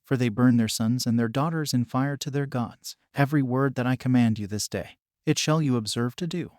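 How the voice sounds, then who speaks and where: A man reading scripture aloud as an audiobook, in a steady, measured way. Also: medium pitch, no echo, studio quality. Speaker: scripture reader.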